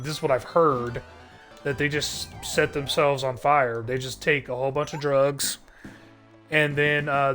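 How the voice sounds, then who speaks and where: A man's voice: mid-range voice, a bit bright. A man streaming live, ranting to his chat in a rambling, sardonic way, swearing constantly and restarting his sentences. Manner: rambling, heavy cursing, sardonic.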